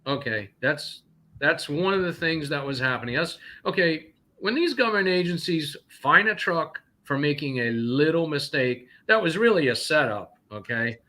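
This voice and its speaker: A man's voice: on the high side, animated, normal speed, sharp tone. A man from North Carolina, a trucker and guest, talking indignantly and rambling with many fillers. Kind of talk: casual call-in talk, telling stories.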